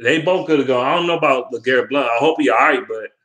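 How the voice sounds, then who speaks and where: A man's voice: mid-range voice, quick pace, a bit bright. A young man in a casual, heated sports rant, swearing a lot and rambling between points. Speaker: sports fan vlogger.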